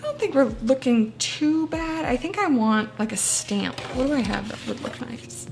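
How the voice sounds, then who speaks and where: Chatty woman with a higher voice, joking at herself while she crafts, faint music behind. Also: expressive, unhurried, creaky. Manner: chatty, self-deprecating, laughs often. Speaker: booktuber. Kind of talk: casual chat while crafting.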